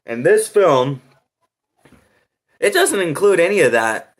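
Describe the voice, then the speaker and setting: A man's voice: fairly high pitch, sing-song, takes it slowly. A man reacting to and reviewing a movie, ranting in an exasperated way with constant swearing.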